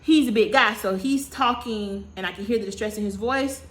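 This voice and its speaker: A woman in her thirties telling a personal story to camera in a casual, animated way, dramatic and repetitive, with slangy, self-mocking asides. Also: medium pitch, normal speed, slight background noise. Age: 30s. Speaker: vlogger.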